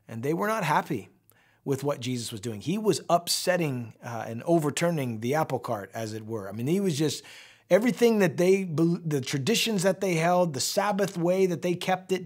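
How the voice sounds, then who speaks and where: A middle-aged man, a pastor, giving a daily devotional Bible teaching in a warm conversational way, speaking to his viewers directly. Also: a little high.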